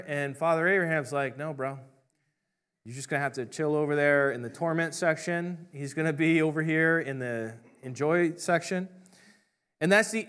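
Middle-aged male pastor, slightly higher voice, relaxed joking sermon delivery. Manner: conversational, jokey storytelling with voiced asides.

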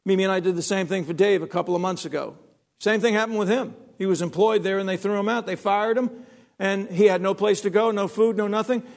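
A man's voice: high voice, fairly even intonation, fast, vocal fry, a little mellow. A man preaching a sermon, emphatic, repeating phrases and restarting sentences.

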